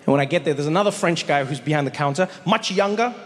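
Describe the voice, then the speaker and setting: A male comedian telling animated stories during a stand-up set. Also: on the high side, fast, long reverb tail. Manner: animated storyteller.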